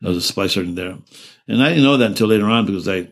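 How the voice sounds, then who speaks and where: A man in his seventies being interviewed, recalling events in a halting way with many restarts and self-corrections, earnest and emotional. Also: fairly low pitch, vocal fry. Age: 70s. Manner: earnest and emotional while recounting. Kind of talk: oral-history interview recollection.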